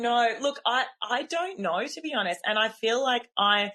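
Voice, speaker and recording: A woman's voice: on the high side, moderate pace, hardly any pauses. Candid woman telling a story. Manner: animated, candid and self-deprecating. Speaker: podcast host. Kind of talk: casual personal storytelling.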